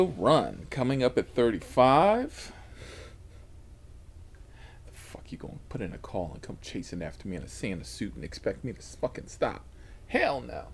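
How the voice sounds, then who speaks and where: A gravelly man hosts his channel, telling casual stories about driving for a ride service at a slow, drawn-out pace. His pitch swings up and down as he swears, laughs, and slips into whispered asides. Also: a little mellow. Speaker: rideshare driver and channel host. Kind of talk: casual storytelling to camera.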